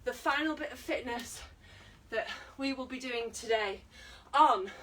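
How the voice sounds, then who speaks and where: British woman fitness instructor, high voice, breathless, coaching live; mic set back, faint hiss. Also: a little slow, a bit bright, far from the mic, rough recording. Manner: encouraging, counting down and coaching while exercising. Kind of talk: online exercise class.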